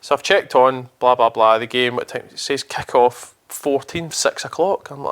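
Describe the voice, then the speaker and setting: A man's voice: medium pitch, moderate pace, a bit bright, clear, resonant tone. A young Scottish man with a Scottish accent, co-hosting a podcast and rambling through a travel story with casual swearing. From Scotland. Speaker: podcast co-host.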